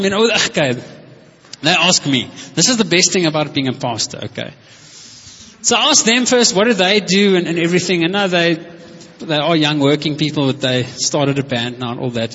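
Pastor, male, high husky voice, enthusiastic story-led preaching, dull lo-fi recording. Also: bright, forceful tone. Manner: enthusiastic, storytelling, calls out to the congregation. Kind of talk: conversational sermon. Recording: echoey hall, dull lo-fi sound.

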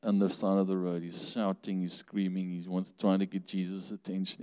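A man preaching a sermon in a church hall, with a fairly low, mellow voice. He talks conversationally, asks the listeners questions and laughs now and then. A long reverb from the hall hangs on his words. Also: level tone, moderate pace, smooth.

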